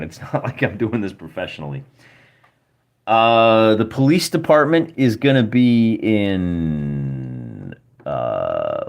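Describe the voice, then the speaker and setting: A man hosting a solo journaling game, thinking aloud and chatting with his live chat. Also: low-pitched. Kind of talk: casual let's-play narration.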